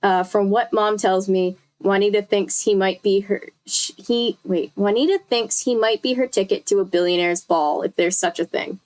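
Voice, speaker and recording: Young woman, casual live read-aloud, chatty, mid-pitched, fixes her own slips as she goes. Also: moderate pace, hardly any pauses. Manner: chatty, with self-corrections and asides to chat. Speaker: streamer reading a book aloud.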